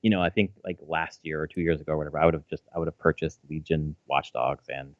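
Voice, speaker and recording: A man's voice: very deep voice, steady tone, fast, no echo. A man in his thirties chatting casually as a podcast co-host, rambling with lots of fillers and restarts and swearing freely. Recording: slightly dull, dry audio.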